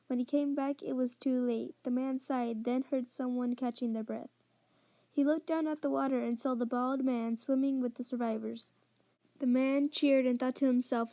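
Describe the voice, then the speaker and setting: Soft-spoken woman reading a storybook. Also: high voice, dry recording. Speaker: narrator. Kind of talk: audiobook reading of a short story.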